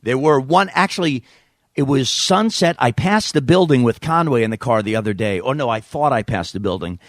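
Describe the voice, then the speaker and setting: A man in his thirties hosting a podcast, telling comic stories in an animated way. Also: mid-range voice, brisk, dry recording, studio quality. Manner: animated, slips into voices and quotes. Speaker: podcast host. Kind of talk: comic storytelling.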